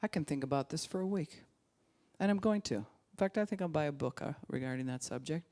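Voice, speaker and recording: With a low voice and a fast pace, a woman pastor gives a conversational sermon. She's animated, acting out quoted voices, and at times drops into a hushed, calm tone.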